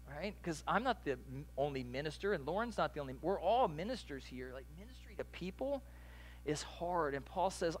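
Male pastor, slightly high voice, casual conversational sermon delivery with animated asides.

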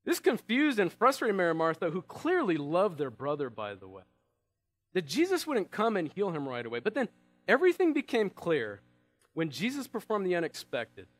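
This male pastor has a high voice and preaches at a normal speed in an animated, conversational style. His sermon is full of rhetorical questions.

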